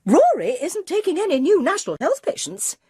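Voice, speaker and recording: A woman's voice: very high-pitched, wildly swooping pitch, a little fast, dark tone, no room sound, clean studio sound, pitched above the performer's own voice, heavily acted. Woman doing a curt, indignant older lady.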